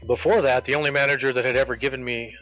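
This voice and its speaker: A man casually telling a workplace story while streaming a game, quoting people with animated voices. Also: medium pitch, very fast. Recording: dull lo-fi with game music.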